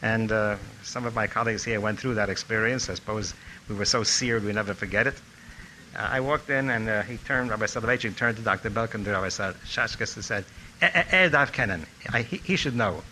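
This older man, voice on the low side and fairly quick, recalls anecdotes about his former teacher in a tribute talk as an ex-student. He narrates reminiscently, getting animated when quoting others. The audio is poor, with slight background noise.

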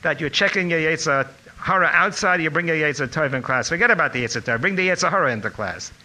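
A man voicing a stern, exacting old male Talmud teacher with a Lithuanian Yiddish accent, speaking in sharp, scolding bursts. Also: on the high side, expressive, fast talker, voice pushed up, low-quality recording. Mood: lecturing.

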